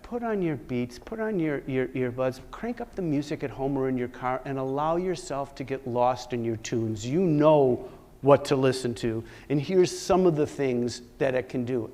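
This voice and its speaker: A man's voice: medium pitch, a little mellow. A man giving a talk at a conference, telling a personal story in a dramatic, joking way and acting out the conversations. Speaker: conference speaker. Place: conference stage.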